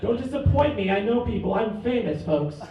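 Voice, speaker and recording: A man's voice: high-pitched, expressive, normal speed, highs cut off. A man doing a stand-up comedy set in a bar, with cocky, mock-boastful bragging. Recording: echoey room from far off.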